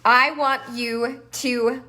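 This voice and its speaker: A woman business coach teaching a live masterclass, animated and playful, acting out the voices in people's heads. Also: sits high, drawn-out words.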